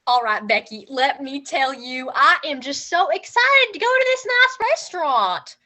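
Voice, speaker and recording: A woman's voice: high voice, animated, measured pace, sharp tone, heavily acted. A woman doing improv comedy, playing a gossipy Southern woman out for a girls' day with folksy, gushing talk. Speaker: improv performer.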